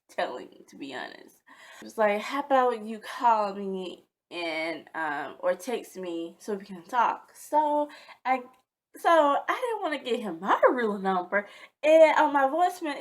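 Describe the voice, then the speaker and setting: A woman vlogger telling a casual storytime in a dramatic, chatty way. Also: a little high.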